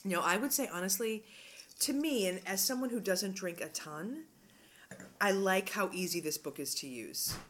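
A woman's voice: mid-range voice, animated, moderate pace, fairly bright tone. A woman co-hosting a casual podcast book review, frank and profane, a little tipsy from drinking. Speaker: podcast co-host.

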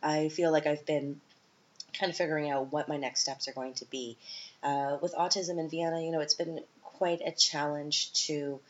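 A woman in her thirties talks through a casual solo podcast episode in a quite low voice, chatty and self-mocking with plenty of "uh" and "um". The audio is dull and lo-fi, with a faint hiss underneath. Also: steady tone, normal speed. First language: English. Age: 30s. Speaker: podcast host.

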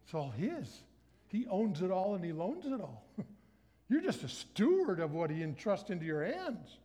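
A middle-aged man giving a sermon as a guest speaker, telling stories with animated acted-out dialogue. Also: high-pitched, unhurried. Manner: animated storytelling, acts out his own inner dialogue.

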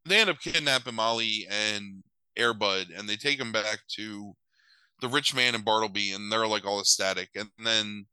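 A man's voice: fairly low pitch, moderate pace, sharp tone, clean tone, no room sound, poor audio. A man recapping a movie in a loose, sarcastic chat, swearing casually and using many filler words.

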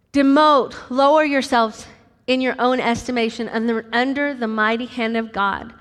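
A middle-aged American woman preaching a sermon, animated and acting out voices with sudden high squeaks. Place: large church hall. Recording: long hall reverb.

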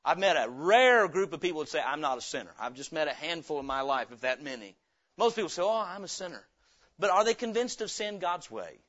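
Male pastor, high bright voice, emphatic sermon delivery, dull lo-fi recording. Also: big pitch swings, brisk. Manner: emphatic preaching, swings from quiet to loud, acts out a story.

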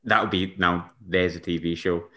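Low-voiced podcast host, teasing questioner. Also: male voice, steady tone, normal speed, bright, forceful tone. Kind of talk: casual podcast chat.

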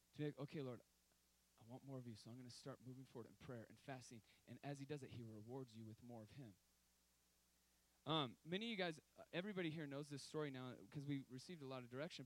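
A man in his thirties preaching a sermon, telling stories with emphatic, sudden loud outbursts. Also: medium pitch, poor audio.

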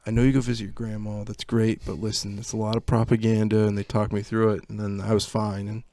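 A man's voice: lowish voice, quick pace. A young man co-hosting a podcast, telling a childhood story in casual chat, laughing often and acting out what people said. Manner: laughing, animated storyteller who acts out quotes. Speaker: podcast co-host.

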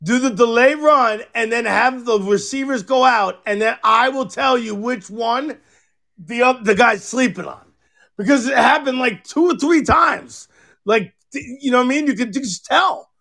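A man with a very high voice hosts a casual podcast. He tells stories in an animated, profane way. He often acts out other people in a loud voice. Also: moderate pace, gravelly. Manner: profane, animated storytelling, mimics others loudly. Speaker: podcast host.

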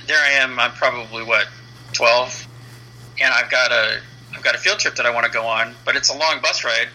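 Speaking at a medium pitch over a low-quality recording, this fifties-aged comic book letterer is a guest on an interview. He relaxes into an anecdote, performing each line of dialogue like a lively storyteller.

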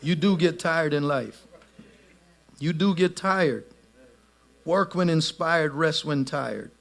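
A middle-aged man preaching a sermon, swinging between shouted lines and soft asides. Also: fairly high pitch, slow, gravelly. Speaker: pastor.

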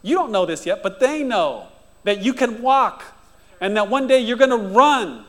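Man preaching in a reverberant church. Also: moderate pace. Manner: warm encouraging preaching, rising to animated high-pitched mimicry. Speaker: pastor. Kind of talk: sermon and prayer. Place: church sanctuary. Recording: long church reverb with soft guitar. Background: soft guitar music.

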